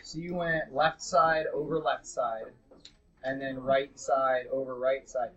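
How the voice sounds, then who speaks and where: A man's voice: mid-range voice, level tone, a little slow, a bit bright. Blunt, joking male math teacher. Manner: casual, joking, blunt and direct with students. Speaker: middle school math teacher. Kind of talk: live classroom teaching. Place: classroom. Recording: dull lo-fi classroom recording.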